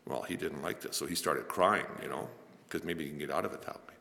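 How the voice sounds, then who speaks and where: Deep-voiced older male preacher, reverberant hall. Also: fast talker, vocal fry, pushed and bright. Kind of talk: sermon.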